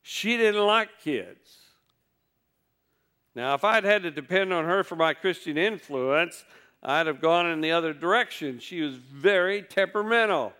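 Smooth-voiced male preacher with wry humor. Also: on the high side, expressive, measured pace, pushed and bright. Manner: folksy storytelling with wry humor. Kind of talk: sermon.

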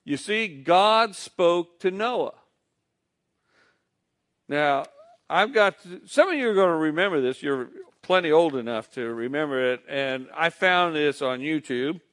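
Slow, measured male preacher. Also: fairly high pitch, lively intonation, a bit bright. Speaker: pastor. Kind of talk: sermon.

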